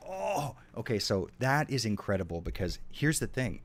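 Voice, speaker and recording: A man's voice: lowish voice, big pitch swings, moderate pace, hardly any pauses. A man streaming a game, chatting casually with his viewers, swearing often and reacting to their messages. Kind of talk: casual gameplay stream chat.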